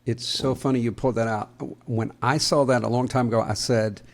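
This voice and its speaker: Gravelly Southern American man, joking. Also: mid-range voice, fairly even intonation, fairly quick. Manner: joking, laughs often, restarts sentences. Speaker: podcast co-host. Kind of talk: casual podcast chat.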